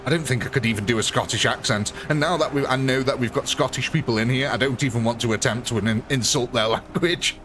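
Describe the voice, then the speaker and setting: A man's voice: medium pitch, fast talker, few pauses, noisy background. A young man with a northern English accent, chatting on a live stream, answering viewers by name and laughing often. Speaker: game streamer. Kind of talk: live-stream chat and commentary.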